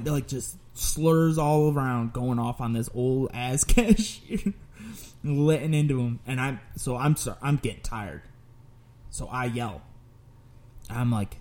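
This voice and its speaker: Mid-pitched man, casual podcast host, profane, rambling storyteller. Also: unhurried, warm tone.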